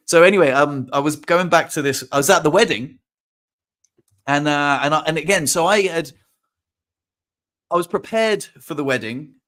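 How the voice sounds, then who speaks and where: Aussie guy chatting on a podcast, bit high voice, rambles and restarts a lot. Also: fairly bright tone. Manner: rambling, many restarts, acts out quotes. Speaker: podcast host. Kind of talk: casual chat.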